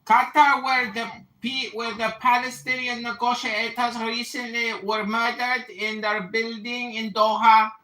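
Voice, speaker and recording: A man's voice: extremely high pitch, flat delivery, measured pace, hardly any pauses, pushed and bright. A man in casual debate who challenges the others with pointed questions. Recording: roomy sound from a distant mic.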